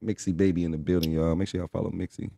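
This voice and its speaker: A man's voice: low voice, level tone, racing, vocal fry, dark tone, dry recording, studio quality. A young man co-hosting a casual live stream, talking bluntly and with lots of profanity, lecturing his viewers. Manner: blunt, profane, preachy pep talk. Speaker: livestream co-host.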